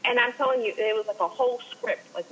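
A woman chatting casually, telling an excited, animated story. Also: on the high side, fast. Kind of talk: casual chat. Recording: dull lo-fi line with faint noise.

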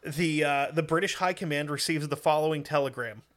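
Animated, profane storyteller man. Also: on the high side, fairly quick. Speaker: podcast host telling a war story. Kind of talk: casual storytelling chat.

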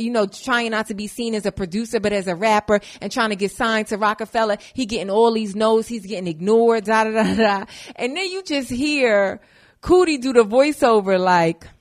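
Chatty young woman podcaster, casual. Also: fairly high pitch. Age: 20s. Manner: chatty and animated, swearing freely, drifting between topics. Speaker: podcast host. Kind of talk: casual monologue.

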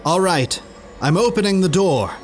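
A man's voice: medium pitch, sing-song, a little slow, faint music behind. A man voicing a frightened but resolute young woman who talks in short, clipped phrases. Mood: tense.

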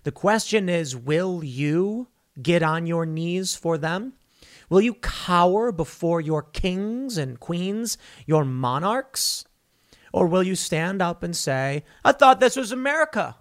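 A man's voice: high-pitched, animated, slow pace. A man giving opinionated political commentary, emphatic, firing rhetorical questions and mocking the people he quotes.

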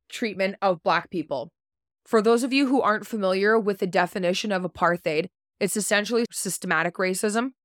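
A woman podcast host reads a prepared story in a blunt, casual way, dropping swear words. She trips over unfamiliar names. Her voice is mid-pitched, recorded close and dry with no room sound. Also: a bit bright, dry recording. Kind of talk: reading a prepared true-story segment.

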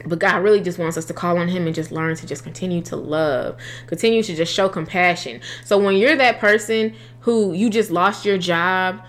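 A woman's voice: fairly low pitch, normal speed, few pauses. An earnest young woman talks about faith in a loose, conversational way. She often restarts her sentences and drops into casual slang as she builds her point.

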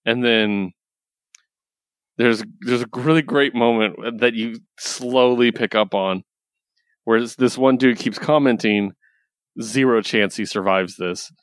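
A man's voice: medium pitch, fairly even intonation, takes it slowly, dry recording, clean studio sound. A young man in casual chat, retelling a comic book story with lots of laughs and casual swearing. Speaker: podcast co-host reviewing comics.

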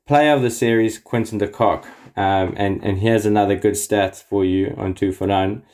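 Enthusiastic man with a dark, mellow voice. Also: on the low side, steady tone, moderate pace. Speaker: correspondent. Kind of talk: casual chat.

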